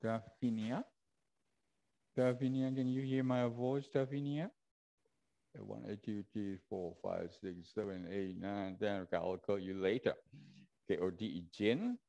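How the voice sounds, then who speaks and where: Low, slow Indonesian man teacher. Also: creaky, dark tone, dull audio. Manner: hesitant, many fillers and restarts. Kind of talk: online class roll call. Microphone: video call.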